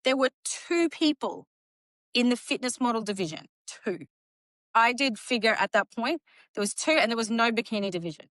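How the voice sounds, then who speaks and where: A woman in her late thirties or older, a guest telling her story in casual podcast chat, acting out quotes with a lively laugh. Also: a little high, moderate pace, no echo. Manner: animated, acts out quotes, laughs often. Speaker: guest, bodybuilding champion.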